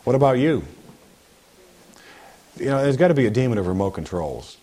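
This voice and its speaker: A man preaching a sermon in an animated way, with humorous asides. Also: medium pitch, normal speed.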